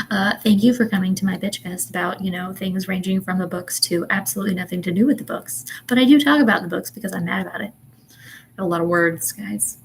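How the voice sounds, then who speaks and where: Chatty ranting young mom. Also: female voice, medium pitch, a little fast, vocal fry, slight background noise, low-quality recording. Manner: chatty, exasperated, frequent ums and laughs. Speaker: vlogger and mother. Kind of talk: casual livestream rant.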